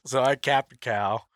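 A man with a medium-pitched, slightly bright voice chats casually about hunting, rambling along, leaning heavily on "like" and other fillers, and laughing often.

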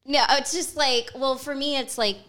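A woman guesting on a casual podcast, chatty and quick to laugh, full of "like" and "yeah". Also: high voice, fairly even intonation, fairly bright tone.

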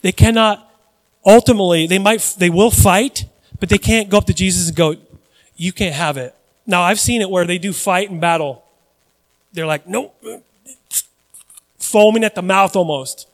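Male pastor, high voice, conversational sermon with dramatic swells, reverberant church hall. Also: moderate pace. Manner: conversational preaching with dramatic rises and asides.

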